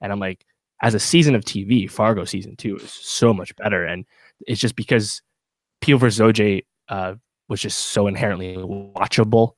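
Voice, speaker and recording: A man's voice: on the low side, fairly even intonation, normal speed, no room sound. A man co-hosting a podcast, chatting casually through a TV review with plenty of fillers and restarts. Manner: rambling, many fillers and restarts. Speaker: podcast co-host.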